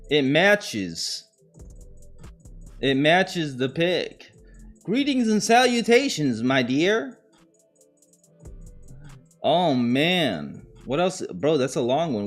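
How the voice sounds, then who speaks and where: A man hosting a live-streamed podcast, joking and reacting to clips in a casual, slangy way. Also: mid-range voice. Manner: uses slang and swearing. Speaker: podcast host.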